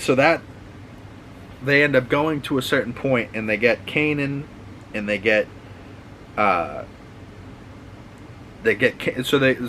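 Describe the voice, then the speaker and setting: A man's voice: mid-range voice, sharp tone, a little hiss or hum, low-quality recording. A man with a Boston accent hosting a casual, rambling, profane recap of TV shows, full of restarts. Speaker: host.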